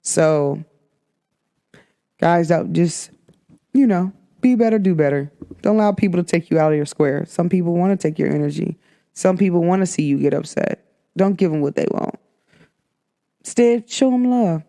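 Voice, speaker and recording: A young woman hosts her own spiritual show in a relaxed, chatty vlog style. She circles back on her points over and over and keeps calling out to her viewers as she delivers the week's energy read. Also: fairly low pitch, normal speed, pauses often. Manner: chatty, repetitive, emphatic with frequent "like" and "guys". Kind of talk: casual spiritual vlog talk.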